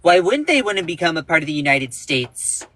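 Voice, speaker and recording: A man's voice: on the high side, very animated, a little fast, a bit bright. A man briefly mocking a puzzled male politician, incredulous and repeating himself in his own voice.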